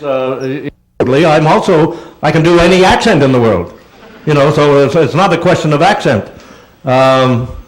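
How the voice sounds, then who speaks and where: A man's voice: a little high, poor audio. Playful older man answering audience questions. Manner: rambling, playful, theatrical. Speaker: guest speaker. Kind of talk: Q&A talk to an audience. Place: auditorium.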